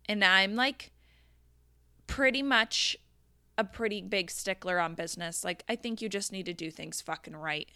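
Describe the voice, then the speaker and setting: Brief: young woman vlogger, profane and exasperated storyteller, bright voice, dry close mic. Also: medium pitch, normal speed, smooth, dry recording. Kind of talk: casual storytime rant.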